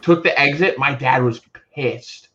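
A man co-hosting a casual podcast tells stories with lively animation, acting out the voices of people he quotes. His voice is bright and forceful. The recording sounds dull and lo-fi. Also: mid-range voice, unhurried. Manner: animated storyteller, acts out quotes loudly. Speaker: podcast co-host. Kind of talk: casual chat.

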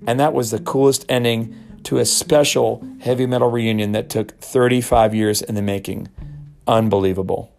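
A man's voice: medium pitch, fairly even intonation, normal speed, creaky, over music. A middle-aged man hosting a show, telling a story casually and acting out quotes in raised voices. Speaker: podcast host.

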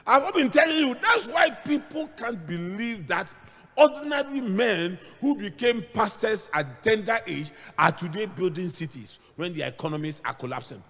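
A middle-aged male pastor preaching a sermon, moving between hushed asides and shouted points as he tells stories. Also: high voice, animated, moderate pace. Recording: long hall reverb.

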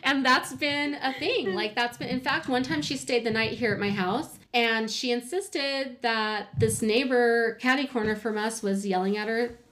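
A woman's voice: fairly high pitch, normal speed, few pauses, a bit bright, slight background noise. A woman in her forties telling family stories in a casual, chatty way, full of "like" fillers and little acted quotes. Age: 40s. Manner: chatty, filler-heavy, often acts out quoted voices. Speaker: podcast co-host. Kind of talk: casual storytelling chat.

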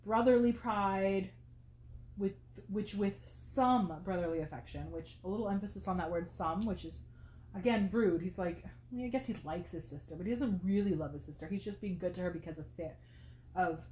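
A woman's voice: lowish voice, fairly quick, a little mellow, slight background noise. Chatty woman in a roomy space. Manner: chatty, thinking aloud, many fillers. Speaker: podcast host. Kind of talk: casual book commentary.

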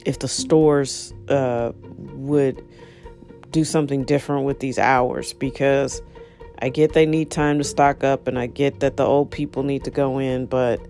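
A woman's voice: very deep voice, steady tone, measured pace, warm tone, faint music behind. A woman hosting her own podcast, talking casually and frankly into her phone with a rambling, chatty manner. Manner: frank, rambling, chatty with self-deprecating laughs. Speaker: podcast host. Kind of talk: casual solo podcast monologue.

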